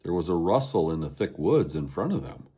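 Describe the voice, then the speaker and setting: Male narrator for a children's chapter book; low, husky, expressive read. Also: fairly quick. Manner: expressive reading aloud. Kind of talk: storybook narration.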